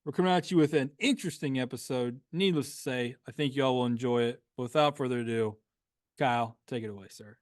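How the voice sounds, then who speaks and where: A young man co-hosting a casual sports podcast, loose and jokey, his voice swinging between loud and quiet. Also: medium pitch, a little fast, no echo, studio quality. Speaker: podcast co-host.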